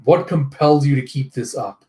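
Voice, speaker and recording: A man voicing a cold, menacing male cyborg villain, speaking slowly in a low, measured way. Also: lively intonation, mellow, close to an everyday voice. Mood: cold menace.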